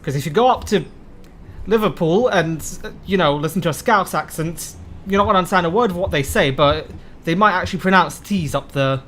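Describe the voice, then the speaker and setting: A man's voice: high-pitched, brisk, fairly bright tone, a little hiss or hum. A man streaming a bus-driving game, chatting casually and rambling as he answers viewer questions. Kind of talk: casual live-stream commentary.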